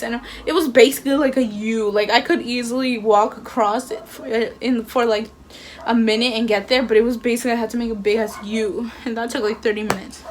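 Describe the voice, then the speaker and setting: A woman's voice: on the high side, slight background noise. A young woman telling a storytime with lots of slang and fillers, acting out the dialogue. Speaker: vlogger. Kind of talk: casual storytime.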